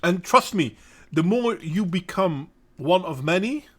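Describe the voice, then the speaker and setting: A middle-aged Dutch man from the Netherlands, with a Dutch accent, hosts a casual, opinionated monologue and answers viewers by name. His voice is high-pitched, expressive and measured, and he speaks bluntly and with emphasis, sometimes pausing to search for a word.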